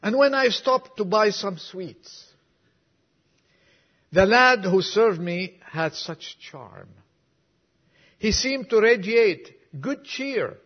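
A man preaching a sermon, reading a poem softly down to a whisper and then urging his listeners with rising fervor. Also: high voice, expressive, slow, pauses often. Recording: dull lo-fi recording.

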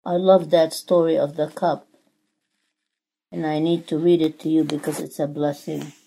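A woman's voice: low voice, little pitch movement, moderate pace, vocal fry, warm tone, breathy edge. A woman preaching a sermon in an emphatic, earnest way.

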